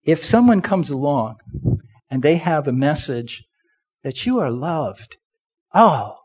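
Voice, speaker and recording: Middle-aged preacher guy, high voice, slow and deliberate, gets loud then drops way down. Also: sing-song, slightly rough. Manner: preaching with call-and-response, rising to loud emphatic peaks then dropping low. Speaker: pastor. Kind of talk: sermon.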